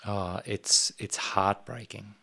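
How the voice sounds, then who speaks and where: A man interviewing a guest on radio, asking gentle, probing questions. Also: lowish voice, steady tone, takes it slowly, vocal fry, breathy edge.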